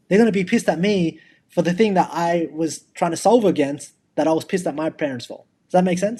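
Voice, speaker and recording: A man's voice: a little high, fairly quick, mellow, breathy edge. A man in his thirties, a podcast co-host, talking casually and with energy, often repeating words as he thinks aloud. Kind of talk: casual chat.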